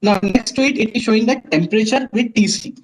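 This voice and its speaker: Man explaining meters in a high voice. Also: quick pace, low-quality recording. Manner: explanatory, many fillers and restarts. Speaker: webinar presenter. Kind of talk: technical webinar lecture.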